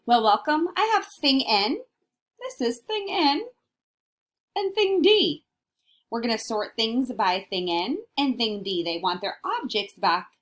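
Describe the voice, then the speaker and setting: Woman teacher, unhurried phonics read for little kids; stretches out each letter sound, praises and quizzes gently. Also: on the high side, animated. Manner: encouraging, questioning tone. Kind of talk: phonics lesson for young children.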